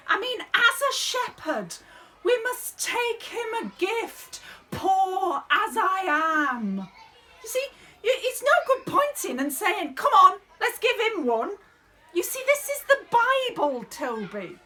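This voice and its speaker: A woman's voice: extremely high pitch, bright, forceful tone, heavily acted. A woman playing a fussy, bossy drama director running a school nativity rehearsal, in a theatrical, exasperated comic monologue.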